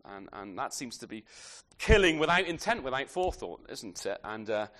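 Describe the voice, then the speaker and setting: A man's voice: mid-range voice, sing-song, bright, forceful tone. A man preaching an expository sermon in a conversational way, often ending points with tag questions and restarting his sentences. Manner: halting restarts, repeated words.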